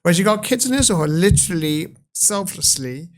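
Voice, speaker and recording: A man's voice: high-pitched, animated, a little fast. Passionate British man in his fifties. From United Kingdom. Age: 50s. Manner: passionate, eloquent storyteller. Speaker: guest. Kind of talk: interview conversation.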